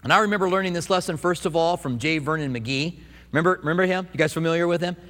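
A man preaching a sermon, telling stories and acting out quotes in an animated way. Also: fairly high pitch, quick pace, long reverb tail. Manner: animated storytelling with acted-out quotes. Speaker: pastor.

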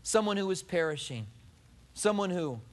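A man's voice: high voice, normal speed. A man preaching a sermon as a pastor, asking the congregation rhetorical questions and acting out what people say. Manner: animated preaching, rhetorical questions and acted-out quotes.

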